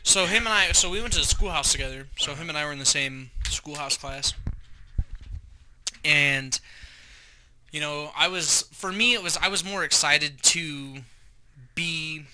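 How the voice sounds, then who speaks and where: Profane, bright-voiced young man telling stories. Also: a little high, a little slow, long pauses. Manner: profane, animated storytelling. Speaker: podcast co-host. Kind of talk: casual chat.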